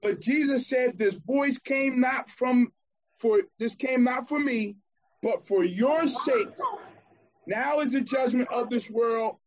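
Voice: mid-range voice, slow, lo-fi sound. A preacher in the middle of a sermon, reading scripture aloud and rousing the congregation with calls and questions.

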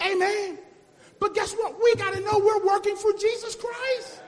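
A man preaching a call-and-response sermon, shouting and half-singing his lines. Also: very high voice, steady tone, moderate pace. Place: church. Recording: echoey church hall with music and congregation.

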